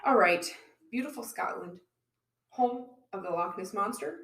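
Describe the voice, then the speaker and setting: A woman's voice: mid-range voice, animated, normal speed, creaky, fairly bright tone, roomy sound. A woman co-hosting a podcast, telling a history story in a chatty way and apologizing for her pronunciation. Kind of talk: casual storytelling.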